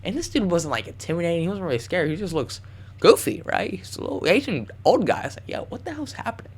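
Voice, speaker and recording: A young man vlogging, telling a wild story in casual slang with plenty of swearing and animated bursts. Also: on the high side, fast talker, slightly rough.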